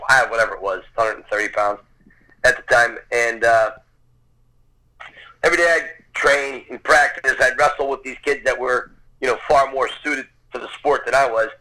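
A man's voice: mid-range voice, moderate pace, pushed and bright, low-quality recording. Earnest man telling a personal story. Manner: earnest, conversational, acts out quoted voices. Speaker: storyteller guest. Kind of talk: personal anecdote, casual storytelling.

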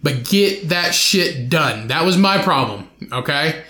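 A young man hosts a podcast alone, telling a profane story and laughing as he goes. His voice sits high and bright, and the room around him is echoey. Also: expressive, slow pace. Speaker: podcast host. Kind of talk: casual solo podcast storytelling.

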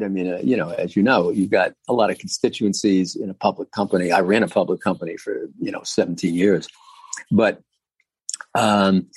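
A man with a low, slightly husky voice talks through his answers, circling back and filling pauses as he thinks. He sounds like a guest in an interview. The sound is dry and close, with little room around it. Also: dry recording. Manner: thoughtful, rambling with many fillers. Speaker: guest, former agency commissioner.

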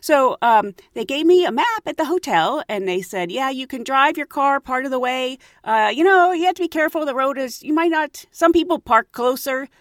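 A woman's voice: high-pitched, animated, normal speed, hardly any pauses, dry recording, clean studio sound. A woman casually telling a travel story, acting out the voices of the people in it and laughing often.

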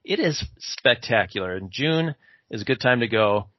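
A man hosting a casual podcast with friends, speaking in a laid-back, somewhat monotone way. His voice sits at a middle pitch. The recording is dry and a little dull. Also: normal speed, no echo. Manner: laid-back, a bit flat, laughs often. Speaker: podcast host.

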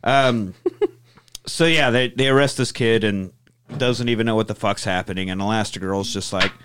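A man co-hosting a podcast in casual chat, an animated and profane storyteller. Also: fairly low pitch, normal speed, clear, resonant tone. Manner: animated, profane storyteller who acts out quotes. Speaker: podcast co-host.

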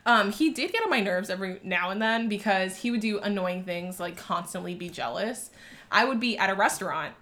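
A woman in her twenties telling a story in casual chat, animated, laughing and saying "like" a lot. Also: medium pitch, brisk. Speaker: storyteller guest.

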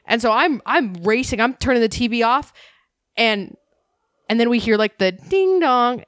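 A woman's voice: a little high, moderate pace, no echo. Young woman, casual storytelling, lots of filler, cursing, dry close sound. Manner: animated storyteller, heavy "like" filler, swears freely.

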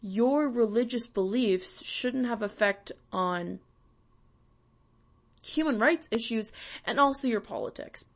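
A young Canadian woman hosts a podcast, delivering a blunt ranting monologue laced with swearing and sarcasm. Her voice is a little high and her pace slow.

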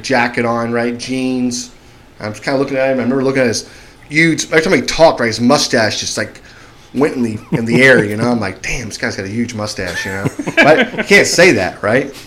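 Animated man telling a story. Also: mid-range voice. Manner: animated, acts out shouting voices in his story. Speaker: podcast guest telling a story. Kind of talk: casual storytelling.

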